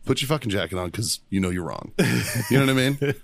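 A man co-hosting a podcast, telling a profane story in a casual, animated way and acting out the shouting in it. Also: on the low side, quick pace. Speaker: podcast co-host.

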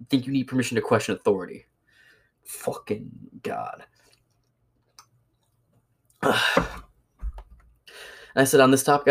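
Profane ranting man telling a story. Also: mid-range voice. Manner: profane, sarcastic, animated storytelling. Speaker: podcast host. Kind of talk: casual ranting monologue.

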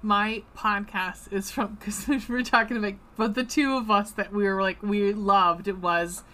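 A woman's voice: medium pitch, steady tone, measured pace, pushed and bright, rough recording. A woman co-hosting a book podcast, chatting casually and gushing emotionally, swearing now and then. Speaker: podcast co-host.

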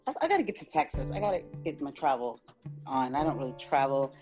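A woman's voice: rumbling low, big pitch swings, quick pace, music in the background. A woman hosting an interview, encouraging her guest and laughing often. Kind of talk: casual interview chat.

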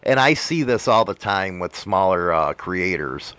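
A man's voice: low-pitched, animated, a little slow, sharp tone, smooth, dry recording. A man hosting a casual podcast chat, talking emphatically and swearing freely. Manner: profane, emphatic storytelling. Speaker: podcast host and motovlogger.

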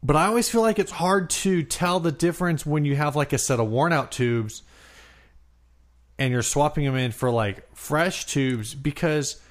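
A man's voice: on the high side, normal speed. A man co-hosting a podcast, explaining things in a loose, rambling way. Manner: rambling, lots of fillers and restarts. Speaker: podcast co-host. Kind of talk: casual chat.

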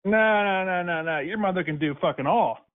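A prank call target, this man has a high voice and talks a little fast as he unleashes angry, swear-filled insults over the phone. The line sounds tinny.

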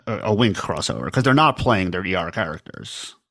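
A man co-hosting a casual podcast chat, hesitant, with frequent ums, and quick to laugh. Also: low voice, big pitch swings, a bit bright, no room sound, clean studio sound. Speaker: podcast co-host.

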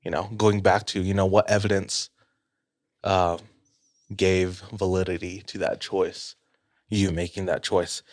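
Low-voiced man telling a story casually. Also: unhurried, no echo, clean studio sound. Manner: relaxed, hedging, laughs often. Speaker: podcast co-host.

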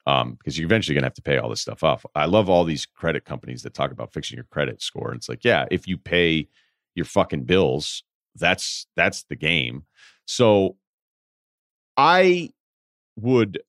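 A man's voice: extremely low pitch, dry recording, clean studio sound. A young man hosting a podcast, giving rambling, blunt advice in casual chat and swearing freely. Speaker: podcast host.

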